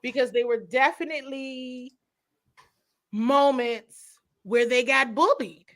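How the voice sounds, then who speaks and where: A woman in casual sports talk, giving animated football analysis, laughing often and quoting people in put-on voices. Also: sits high, slow.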